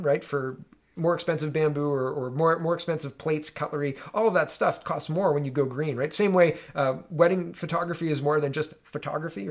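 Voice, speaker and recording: A man hosting casual political commentary, sarcastic and animated, often tossing in "right?" asides, recorded at home on a desk mic. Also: fairly high pitch. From Canada.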